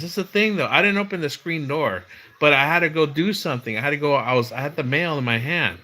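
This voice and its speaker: A man's voice: medium pitch, lively intonation, fast, pushed and bright. A middle-aged man hosting his own livestream, telling stories in a loose, rambling way with many restarts. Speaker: livestream host. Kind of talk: casual livestream chat.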